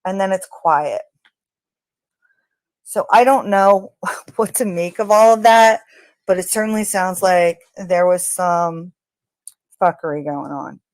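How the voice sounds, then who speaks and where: A woman walks through a crime recording in slow, unhurried speech, pausing and hedging with fillers as she speculates. Her voice sits a little low and is recorded dry and close. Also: no room sound. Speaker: true crime commentator. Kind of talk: narrating audio analysis.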